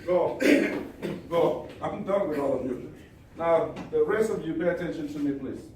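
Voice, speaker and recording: Forceful male trainer in echoey hall. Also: fairly high pitch, normal speed, recorded from a distance, slight background noise. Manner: forceful, commanding, repetitive. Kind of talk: live seminar storytelling.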